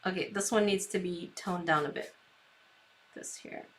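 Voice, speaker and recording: A woman's voice: lowish voice, normal speed, slight background noise. A woman hosting a live painting stream, chatting to herself and her viewers and giggling often as she works. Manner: reads viewer comments aloud. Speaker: craft stream host. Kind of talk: live painting tutorial chat.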